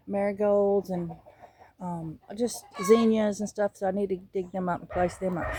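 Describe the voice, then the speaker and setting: Her voice is medium-pitched and moderately paced, with background noise, as this Southern US woman jokes through a handheld phone tour of her backyard garden with chickens. The chatty vlog feels animated, with her shifting between muttering and loud exclamations.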